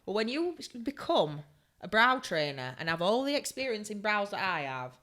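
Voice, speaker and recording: Bright-voiced woman. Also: mid-range voice, normal speed. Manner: animated storytelling, acts out quotes. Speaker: podcast co-host, beauty therapist. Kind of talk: casual chat.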